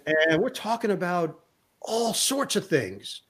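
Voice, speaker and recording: A middle-aged man and sports broadcaster, a guest telling a lively anecdote in an interview, acting out the lines of the people in his story. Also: high voice, takes it slowly, breathy edge. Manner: lively anecdote teller who acts out quotes.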